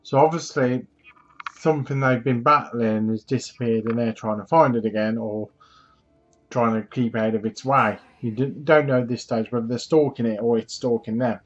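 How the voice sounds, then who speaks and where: A man hosting a gaming channel talks through a trailer in a loose, rambling way, filling pauses with plenty of ums. His voice sits at an ordinary middle pitch. The recording sounds dull and lo-fi. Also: fairly even intonation. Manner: chatty, rambling retelling with many fillers. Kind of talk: casual trailer recap.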